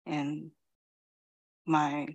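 A middle-aged woman from Queens giving a reflective dharma talk as a Zen teacher, pausing often and saying "you know". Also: sits low, completely flat delivery, muffled recording. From Queens, New York City. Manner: slow, reflective, many pauses and "you know".

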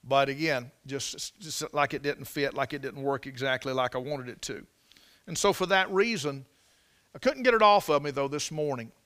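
A man's voice: mid-range voice, moderate pace, fairly bright tone. A man preaching a sermon, telling folksy stories with repeated and restarted phrases and building to emphatic peaks on scripture. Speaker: pastor.

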